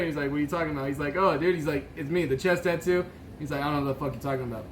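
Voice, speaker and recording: A man's voice: fairly high pitch, very fast, a little hiss or hum, rough recording. A man co-hosting a podcast, telling a story in a rambling way, laughing often and acting out what others said. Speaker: podcast co-host. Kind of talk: casual chat.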